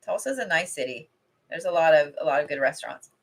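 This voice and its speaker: This middle-aged woman's low, breathy voice comes out fast and expressive as she reads cards. It's a casual home livestream where she rambles and swears freely as an intuitive reader.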